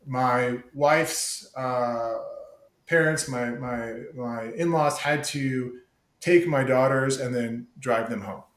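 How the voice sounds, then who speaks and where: A man's voice: mid-range voice, slow pace, a bit bright. Profane, emphatic man in an echoey room. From United States. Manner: profane, emphatic, says "dude" a lot. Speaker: podcast guest. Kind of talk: casual candid conversation.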